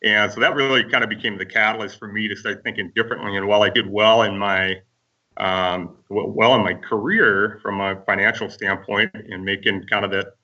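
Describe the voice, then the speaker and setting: A man from Minnesota, a podcast guest, telling his story in a relaxed, rambling way with lots of fillers. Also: on the low side, brisk, distant mic, muffled recording.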